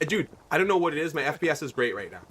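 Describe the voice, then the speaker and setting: Bright-voiced chatty male streamer. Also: a little high, sing-song, very fast, a little hiss or hum. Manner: rambling, chatty, asks viewers questions. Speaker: livestreamer. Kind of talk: casual gaming commentary.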